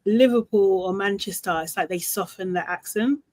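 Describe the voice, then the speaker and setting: A woman's voice: medium pitch, normal speed, a little mellow, rough recording. A woman hosting a casual chat, talking in a rambling way that often trails off mid-sentence. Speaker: podcast host.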